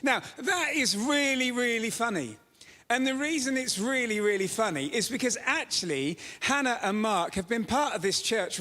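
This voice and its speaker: Male pastor, high voice, conversational and humorous sermon, recorded in a church with a long reverb tail. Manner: chatty, joking, animated storytelling. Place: church sanctuary.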